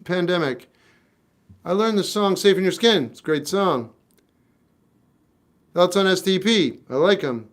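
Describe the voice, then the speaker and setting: A man's voice: high-pitched, expressive, a little slow, pauses often. A man in his fifties, a singer-songwriter chatting casually on a livestream, answering comments in a blunt, wry, offhand way. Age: 50s. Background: guitar playing.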